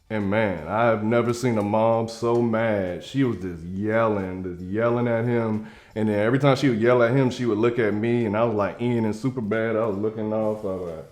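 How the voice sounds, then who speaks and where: A man's voice: lowish voice, a little mellow. A young man telling a comedic story in a casual way, acting out the quoted lines in different voices.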